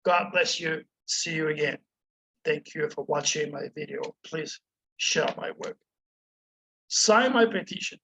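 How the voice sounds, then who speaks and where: Impassioned high-pitched man preaching. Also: a little slow, bright, forceful tone, poor audio. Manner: preachy, impassioned, addresses listener as "my friend". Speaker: astrologer addressing viewers. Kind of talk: passionate monologue to camera.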